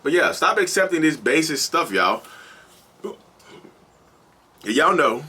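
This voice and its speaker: This toxic-relationships channel host talks slowly, his slightly high voice swinging widely in pitch with a sharp, somewhat rough tone. His casual, animated monologue to viewers, whom he calls "y'all," is preachy and keeps repeating itself.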